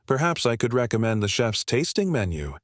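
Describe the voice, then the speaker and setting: A man voicing a polite, experienced male waiter who speaks calmly and courteously. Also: mid-range voice, a little fast, no room sound, studio quality, natural voice. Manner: calm, courteous.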